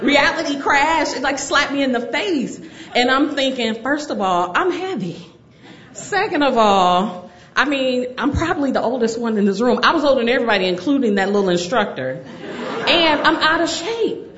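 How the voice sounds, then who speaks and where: Woman, middle-aged, personal storyteller, animated, laughs often, muffled lo-fi sound. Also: mid-range voice. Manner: animated, laughs through her own story. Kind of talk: personal story told to an audience.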